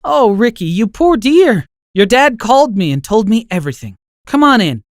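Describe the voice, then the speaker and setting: A man voicing a kindly, forgiving old grandmother in an animated story, speaking softly and soothingly in a raised voice. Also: high voice, moderate pace, voice pushed up. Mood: tender.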